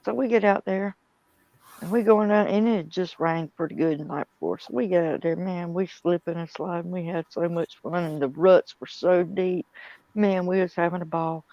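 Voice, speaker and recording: A woman hosting a livestream, telling a story in a lively, laughing manner, on a dull lo-fi recording. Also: fairly low pitch, moderate pace, no echo. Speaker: channel host. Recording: dull lo-fi sound.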